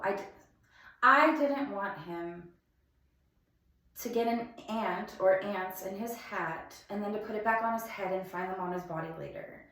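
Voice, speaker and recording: A young woman telling a painful personal story in a halting, emphatic way, often restarting her sentences. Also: mid-range voice, a bit bright. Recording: very echoey room.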